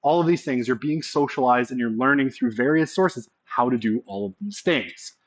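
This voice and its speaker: A man's voice: medium pitch, lively intonation, moderate pace. A man giving a casual college sociology lecture, often checking in with the class by asking "right?".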